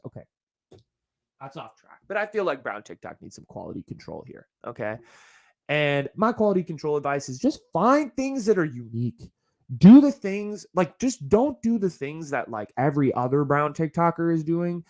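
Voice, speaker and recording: A young adult man hosting his solo podcast, ranting in a casual, animated and profane way. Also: a little high, moderate pace, dry recording, clean studio sound. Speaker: podcast host.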